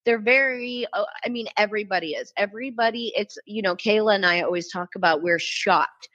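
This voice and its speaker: A young adult woman hosting a casual podcast. Her pitch sits in the middle range. She is chatty and giggly and fills her speech with little fillers. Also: fairly quick, a bit bright, muffled recording. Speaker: podcast host. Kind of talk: casual chat.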